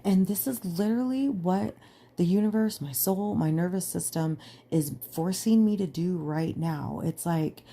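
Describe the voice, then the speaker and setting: An earnest young woman hosting her podcast, speaking in a low voice with a gravelly fry. Her tone is mellow and relaxed as she talks at length, leaning on "like" and stressing her points. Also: a little slow. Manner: earnest, emphatic, lots of filler "like". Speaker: podcast host. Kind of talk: casual personal monologue.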